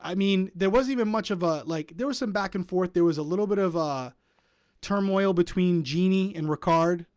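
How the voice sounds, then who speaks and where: A man's voice: high-pitched, moderate pace, darkish tone, no echo, studio quality. A man co-hosting a casual recap chat, thinking aloud and often hedging with "I think". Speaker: podcast co-host.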